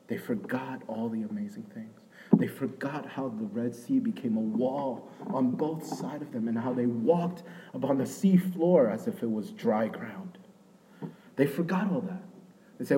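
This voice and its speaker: A young man preaching a sermon in a conversational way, rising to loud emphasis and dropping to hushed asides, with a habit of asking "right?". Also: medium pitch, lively intonation, slow pace, long pauses, a little hiss or hum, poor audio. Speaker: pastor.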